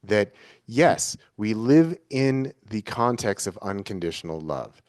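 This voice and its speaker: Earnest man with a lowish voice. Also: sing-song, slow pace, darkish tone, no room sound, clean studio sound. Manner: earnest, searching, circles back to restate ideas. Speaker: interview guest. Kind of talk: reflective conversational interview.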